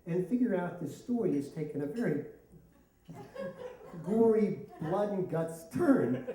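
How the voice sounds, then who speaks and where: A middle-aged man tells a funny story on stage, his pitch leaping all over and his tone warm and mellow. He mocks himself as he goes. The hall rings with a heavy echo, and he sounds far from the mic. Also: measured pace. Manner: animated, self-mocking, laughing through lines. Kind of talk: live comic storytelling.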